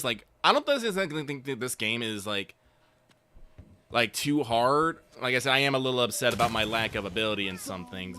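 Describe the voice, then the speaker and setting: A man's voice: medium pitch, bright, forceful tone. A man co-hosting a live stream while playing a game, talking in a loose, casual way and swearing freely.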